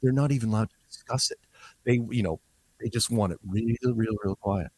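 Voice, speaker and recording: A man talking as a podcast guest in a relaxed conversational way, often acting out quoted voices as he tells his stories. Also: on the low side, brisk, husky, low-quality recording. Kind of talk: conversational explanation.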